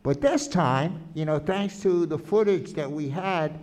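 A man's voice: on the high side, measured pace. A man being interviewed about his documentary footage, talking animatedly with frequent restarts. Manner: animated, restarts often, quotes people he filmed. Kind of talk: conversational interview.

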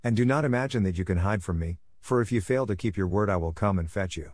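A stern beast master of an enchanted palace, grim and commanding in every word, as a male narrator puts him on. The voice sits low and is recorded dry and close, with no room around it. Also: fast talker, a little mellow, no echo, natural voice. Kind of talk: audiobook character reading.

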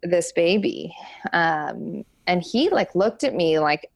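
A young woman, an interview guest, telling a personal story candidly and frankly, halting often with fillers. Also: lowish voice, big pitch swings, creaky, dry recording. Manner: frank and open.

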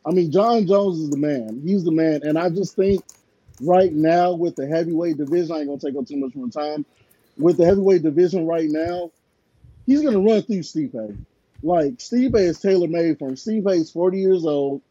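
A man's voice: a little high, moderate pace, mellow, husky, no echo, muffled recording. A man co-hosting a sports podcast, chatting casually and telling rambling stories packed with filler words.

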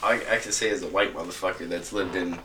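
A man's voice: low voice, steady tone, fast talker, far from the mic, a loud crowd. A young man in casual chat, speaking in a laid-back, reflective way with plenty of swearing. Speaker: podcast co-host. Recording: echoey room, off-mic with faint noise.

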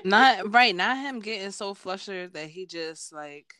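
A young woman co-hosting a podcast, recapping chapters in casual chat with animated retellings. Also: medium pitch, a little slow, clean tone, dry recording. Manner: animated retelling with playful quoted voices. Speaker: podcast co-host.

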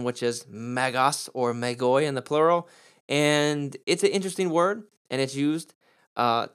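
A man, a pastor, teaching through a Bible passage on his podcast in a lively, emphatic preaching manner. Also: a little high, smooth. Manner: animated preacher, rising emphasis on key words.

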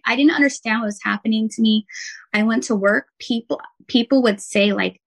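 Earnest woman with a gravelly edge. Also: medium pitch, fairly quick, poor audio. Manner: earnest, heartfelt, with frequent "um" and "like". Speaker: podcast guest, intuitive healer and nurse. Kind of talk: personal storytelling in conversation.

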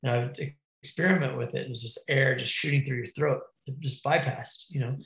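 A man's voice: medium pitch, steady tone, fairly quick, fairly bright tone, roomy sound, rough recording. A man telling a wild crash story in casual, profane slang, calling the listener bro and dude. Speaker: podcast guest, BMX rider.

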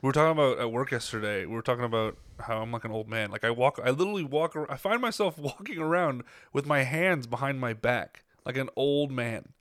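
A woman's voice: rumbling low, fairly quick, few pauses, no echo, clean studio sound. A woman in her mid-twenties co-hosting a podcast, talking casually with lots of fillers and swearing. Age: 20s. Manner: animated, swearing, filler-heavy. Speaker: podcast co-host. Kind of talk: casual chat.

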